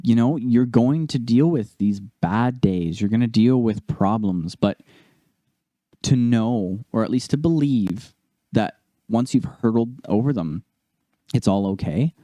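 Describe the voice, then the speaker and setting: A young man co-hosting a casual podcast, telling a story with lively delivery and acting out the people he quotes. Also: mid-range voice, a little slow, no echo. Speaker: podcast co-host.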